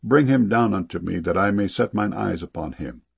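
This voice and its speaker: A man reading a pleading brother, gravelly. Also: on the low side, lively intonation, moderate pace, lo-fi sound, heavily acted. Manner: earnest, pleading. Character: pleading grown brother begging for mercy. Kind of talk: solemn scripture reading.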